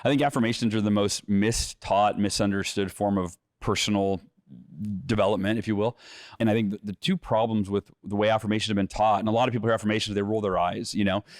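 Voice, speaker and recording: A middle-aged man, an author guest in an interview, explaining his method with lively energy and often acting out quoted inner voices. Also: lowish voice, fast, dry recording, studio quality. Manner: repeats words when restarting. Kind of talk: conversational interview, teaching.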